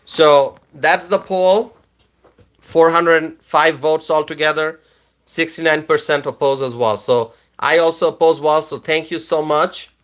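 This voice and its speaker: A man chats on a casual live stream, tired at the end of a long day. He speaks in an unhurried, plodding way and sits a little high in his range. He often repeats himself while reading viewer comments aloud. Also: steady tone, fairly bright tone. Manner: slow, repetitive, reads viewer comments aloud.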